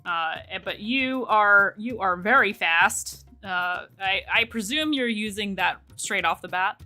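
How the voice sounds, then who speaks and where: A woman's voice: medium pitch, unhurried, pushed and bright, soft background music. A woman narrating a tabletop game as game master, hesitant and full of fillers.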